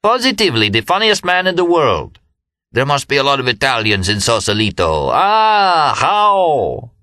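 A man's voice: lowish voice, big pitch swings, brisk, pushed and bright, no echo, clean studio sound. A man voicing a boisterous male sailor who exclaims and mocks in a raised voice. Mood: exuberant. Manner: exclaiming, mocking. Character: brash boisterous male sailor, loud joker.

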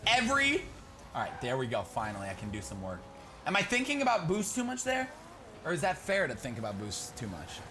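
An excitable young man talks his way through a match, his pitch swinging widely between low mutters and loud, high shouts. Steady background noise sits under his voice. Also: brisk. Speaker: gaming YouTuber. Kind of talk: live gameplay commentary.

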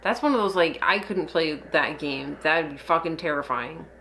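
A woman's voice: low-pitched, normal speed, fairly bright tone, a little hiss or hum. A woman co-hosting a reaction video, talking casually and swearing in exasperated outbursts.

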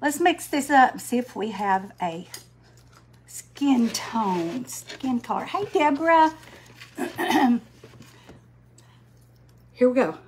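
An older woman, chatting slowly on a craft livestream, greeting viewers by name while she paints. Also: on the high side, expressive, a little mellow, slight background noise. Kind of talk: casual live-stream chat while painting.

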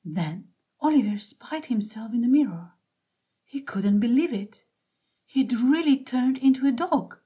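A woman reading a children's picture book aloud in a gentle, expressive way. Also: a little high, a little slow, slightly rough. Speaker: storybook reader.

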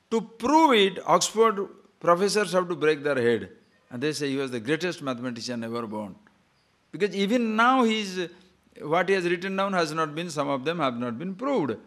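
Animated man giving a spiritual discourse. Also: sits high. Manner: animated, rhetorical questions, digressive storytelling. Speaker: spiritual teacher.

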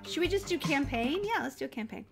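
A woman's voice: sits high, lively intonation, quick pace, vocal fry, soft background music. A woman live-streaming a video game in casual, chatty talk, scattered and reading viewer comments aloud as she goes.

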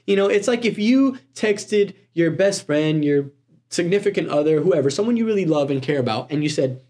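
A man's voice: on the high side, normal speed. Conversational man preaching a sermon. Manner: conversational and animated, with casual asides. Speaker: guest preacher.

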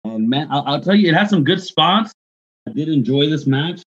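A man's voice: fairly high pitch, animated, moderate pace, fairly bright tone, slightly rough, muffled recording. A man co-hosting a casual podcast, leading the review and asking his co-hosts for their takes. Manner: leads the segment, asks others for takes. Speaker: podcast co-host.

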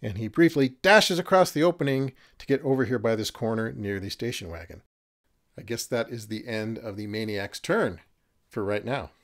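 A man narrating and refereeing a horror miniatures game, chatty and quick to laugh at his own jokes. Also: medium pitch, lively intonation. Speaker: game master.

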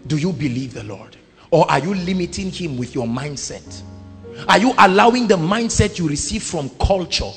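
A man with a Nigerian accent preaching a sermon, moving between quiet talk and loud shouted declarations. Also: animated, moderate pace, big-room sound, soft background music. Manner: booming, swings from quiet to shouting.

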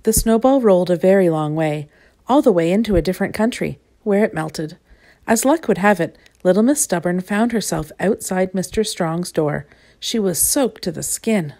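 A woman reads a children's picture book aloud in a fairly low voice. She turns to her young listeners with playful asides and lively expression. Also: normal speed. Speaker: storybook reader.

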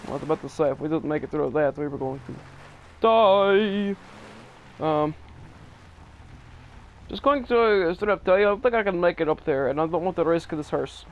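A man talking casually over gameplay, rambling with many restarts as a gaming channel host. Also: on the high side.

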